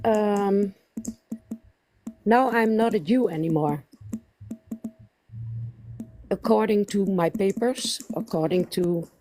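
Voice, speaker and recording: Dutch-accented woman caller, slow, warm low-key tone, halting delivery. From Netherlands. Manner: halting, many fillers. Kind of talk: telling her family story.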